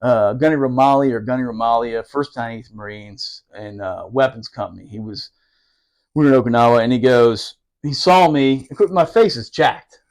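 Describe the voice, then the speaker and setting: A man's voice: mid-range voice, normal speed, a little mellow. A man telling a rowdy, profane story about his Marine days, laughing as he goes. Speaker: podcast storyteller, former Marine. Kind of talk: casual storytelling.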